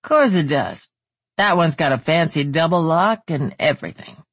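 A man's voice: fairly high pitch, animated, moderate pace, a bit bright, no echo. A narrator voicing an arrogant, leering male trailer park manager who taunts with a smug drawl.

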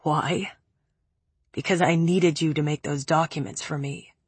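A woman voicing a cold, cruel young man who speaks calmly and cuttingly in a low, flat tone. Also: moderate pace, breathy edge, no echo. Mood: cold, menacing.

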